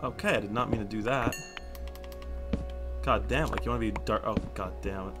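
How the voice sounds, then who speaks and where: A young man doing casual Minecraft let's play commentary, excitable and swearing often, with sudden loud outbursts. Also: fairly low pitch, brisk, music in the background. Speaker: gaming YouTuber.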